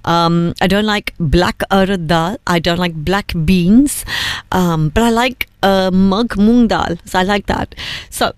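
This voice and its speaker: A woman's voice: medium pitch, slow, smooth, dry recording. A woman of Punjabi heritage hosting a breakfast radio show from a studio, chatting casually and slipping between English and Hindi. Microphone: studio microphone.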